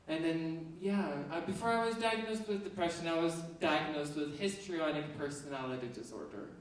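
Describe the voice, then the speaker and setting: A woman from Russia, delivering a deadpan, absurd stand-up comedy set on a university theatre stage. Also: deep voice, normal speed, few pauses. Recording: echoey theatre, mic far off.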